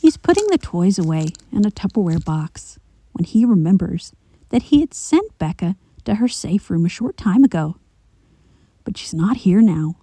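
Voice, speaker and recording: Dark-voiced woman narrating a grim tale. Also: on the low side, husky, no echo. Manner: measured, slipping into hushed whispers. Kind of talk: reading a dark fan story aloud.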